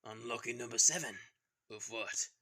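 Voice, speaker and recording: Rambling, bright-voiced man telling a story. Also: mid-range voice, moderate pace. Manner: rambling, chatty, self-interrupting. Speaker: YouTuber narrating a fan story. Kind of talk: casual storytelling.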